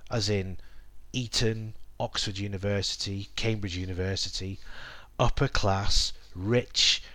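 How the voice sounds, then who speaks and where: A man hosting a solo educational podcast for English learners, talking in a measured, explanatory way with the odd "um". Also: lowish voice, fairly even intonation, bright, forceful tone, dry recording. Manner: measured, explanatory, with occasional ums. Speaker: podcast host teaching English. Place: based in the UK.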